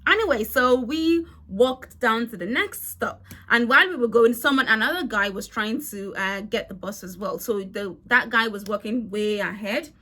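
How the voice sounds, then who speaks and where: Young woman, storytime vlog, chatty and animated, swears freely, slightly high, bright tone. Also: normal speed, hardly any pauses. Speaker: vlogger. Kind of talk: casual storytime.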